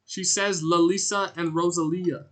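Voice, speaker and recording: A man streaming a game, chatting casually and rambling in a jokey way, with sudden loud outbursts as he answers his chat. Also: sits high, fairly even intonation, normal speed. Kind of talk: casual gameplay commentary.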